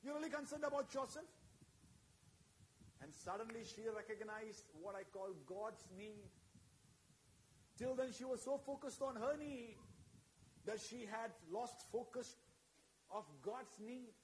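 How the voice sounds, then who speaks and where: A man's voice: very high voice, measured pace, long pauses, a little hiss or hum. A man preaching a sermon to a congregation, fervent and frequently calling out amen and hallelujah while asking the listeners questions.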